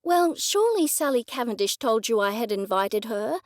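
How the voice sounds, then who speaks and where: A woman's voice: on the high side, big pitch swings, normal speed, dry recording, clean studio sound. A woman narrator voicing an indignant middle-aged woman amateur sleuth who answers in a defensive, snappish way.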